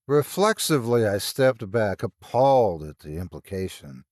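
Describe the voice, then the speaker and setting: A man's voice: medium pitch, expressive, moderate pace, no echo, studio quality. A man narrating a scripted horror story in a tense, dramatic storytelling manner.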